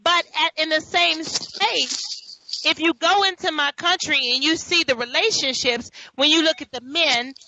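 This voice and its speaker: A woman's voice: high-pitched, a little slow, dry recording. A woman from New York hosting a talk show, telling stories in casual chat with laughing asides. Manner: storytelling, laughing, animated asides. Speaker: host. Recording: dull lo-fi audio.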